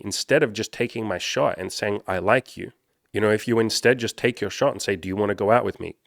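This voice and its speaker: Candid swearing man with a low voice. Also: creaky, no echo, clean studio sound. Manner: candid, swears freely, rambling. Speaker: dating coach. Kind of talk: casual storytelling monologue.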